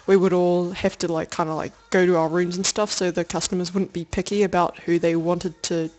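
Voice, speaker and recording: A woman's voice: fairly low pitch, little pitch movement, a little fast, darkish tone. A young woman telling a personal story for a video diary, rambling with lots of fillers, laughter and casual swearing. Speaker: video diarist.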